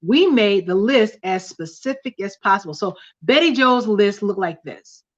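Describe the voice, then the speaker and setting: A woman's voice: medium pitch, lively intonation, normal speed, muffled recording. A woman hosting a casual livestream study, teaching and reading aloud from a book, often repeating key points. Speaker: host of a couples study livestream.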